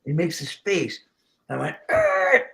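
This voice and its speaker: A middle-aged man from New York hosting a show, telling stories in an animated casual way. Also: a little high, moderate pace, creaky. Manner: animated storyteller, slips into voices. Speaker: show host. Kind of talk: casual storytelling chat.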